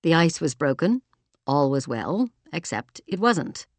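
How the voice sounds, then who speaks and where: Low-voiced woman reading a romance audiobook. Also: unhurried, no echo. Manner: expressive storytelling. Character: emotional woman, heroine. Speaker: audiobook narrator. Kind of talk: scripted narration.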